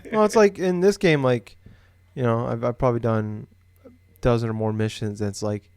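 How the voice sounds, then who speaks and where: A man's voice: mid-range voice, fairly quick, darkish tone, clear, resonant tone, no room sound. A young man from Iowa co-hosting a casual podcast, rambling with lots of fillers and restarts. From Des Moines, Iowa. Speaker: podcast co-host. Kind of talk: casual chat.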